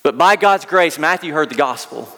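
A male pastor preaching with earnest storytelling and casual asides. His voice sits a bit high for a man. A long reverb trails each phrase in a church hall. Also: lively intonation, normal speed, bright, forceful tone. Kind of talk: sermon.

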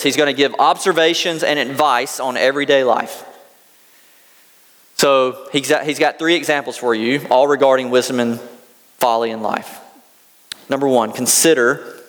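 A man's voice: fairly high pitch, fairly bright tone, big-room sound. A man with a Southern US accent preaching a sermon as pastor, mixing scripture reading with folksy, conversational asides.

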